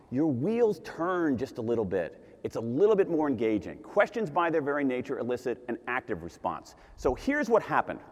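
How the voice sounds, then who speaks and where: A man giving an animated conference talk, repeating his key points for emphasis. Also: on the high side. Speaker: conference speaker. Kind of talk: keynote talk to a live audience. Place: large conference hall. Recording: long hall reverb.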